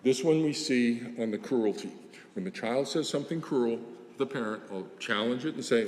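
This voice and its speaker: A man giving a conference lecture as a psychologist, animated and acting out the voices of the people he quotes. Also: medium pitch, normal speed. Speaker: psychologist presenter. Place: conference hall. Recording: echoey hall.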